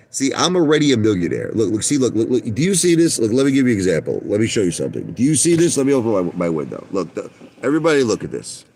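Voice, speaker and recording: A man's voice: on the low side, a little hiss or hum. A middle-aged man from Brooklyn, telling rambling, boastful stories to his viewers from inside his car and repeating "listen to me" and "okay?". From Brooklyn, New York. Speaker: vlogger.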